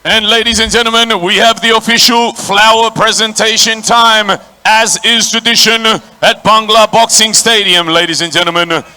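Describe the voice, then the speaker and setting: A man's voice: steady tone, moderate pace, bright, forceful tone, clear, resonant tone. A man working as a ring announcer at a boxing stadium, calling out to the crowd and introducing the fighters. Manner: booming, crowd-working, calls out to the audience.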